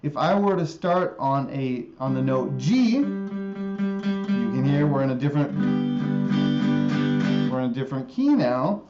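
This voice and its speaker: Guitar teacher explaining scales patiently. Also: male voice, fairly high pitch, animated, muffled recording. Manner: patient, repeats formulas slowly, checks in with okay. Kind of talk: live-streamed music theory lesson. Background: guitar playing.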